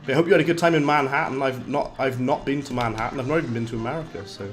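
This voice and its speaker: A man with a slightly hoarse voice, chatting casually while livestreaming a game, reading chat aloud and laughing often. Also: mid-range voice, rapid-fire, faint music behind. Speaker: livestreaming gamer. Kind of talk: casual live-stream commentary.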